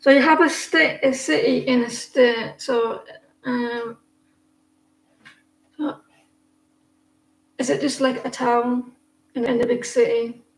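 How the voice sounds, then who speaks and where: A woman's voice: on the high side, fairly even intonation, slow pace, creaky, pauses often. A woman giving casual tarot readings on a live stream, chatty and rambling, often laughing. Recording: echoey room, faint noise.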